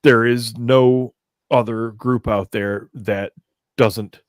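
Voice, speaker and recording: A man's voice: medium pitch, fairly even intonation, slow pace, dry recording, studio quality. A man co-hosting a casual talk show, speaking emphatically and agreeing with the others. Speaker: co-host. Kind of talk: casual podcast banter.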